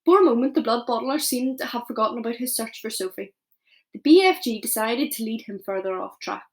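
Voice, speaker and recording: A woman teacher reading a children's novel aloud, expressive, with small slips as she goes. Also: on the high side, brisk.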